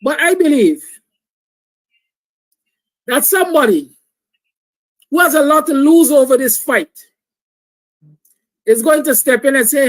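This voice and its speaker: A man's voice: very high-pitched, normal speed, long pauses, low-quality recording. A man hosting a call-in talk show, speaking emphatically and repeating his points. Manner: emphatic, repetitive, opinionated.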